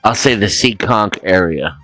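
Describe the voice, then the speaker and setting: A man from Rhode Island, relaxed and reminiscing in a casual chat. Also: fairly low pitch, a little slow, music in the background.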